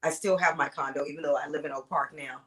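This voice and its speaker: A woman, a singer-songwriter guest, telling stories in a relaxed interview with frequent restarts. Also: low voice, quick pace, rough recording. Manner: storytelling, warm recollection with frequent restarts. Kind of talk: casual interview chat.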